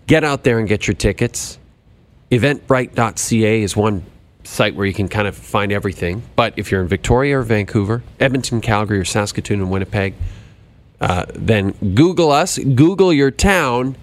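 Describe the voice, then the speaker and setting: A man's voice: lowish voice, animated, moderate pace. A man co-hosting a podcast, chatting casually, joking and teasing. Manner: joking, teasing, laughs often. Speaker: podcast co-host. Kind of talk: casual comedic chat.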